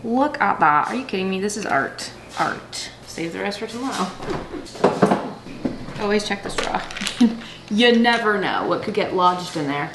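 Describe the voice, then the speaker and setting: A woman's voice: mid-range voice, animated, moderate pace, long pauses, background noise. A woman chatting casually as a vlogger in her home kitchen, bubbly and self-deprecating, talking into a handheld vlog camera.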